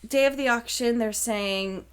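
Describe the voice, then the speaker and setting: Animated woman recapping a movie. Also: a little high, a little slow, clean tone. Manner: animated retelling with casual swearing and frequent "like". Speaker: podcast co-host. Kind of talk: casual chat, retelling a movie plot.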